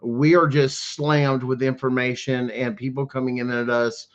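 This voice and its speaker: Brisk man on a muffled stream. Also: medium pitch, level tone. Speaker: livestream co-host. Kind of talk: casual livestream talk to viewers. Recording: muffled lo-fi sound.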